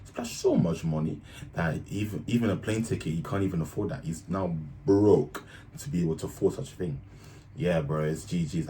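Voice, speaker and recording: A man's voice: deep voice, expressive, normal speed, mellow, slight background noise. A young man giving casual, blunt, slangy reaction commentary as the host of a reaction video. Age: young adult.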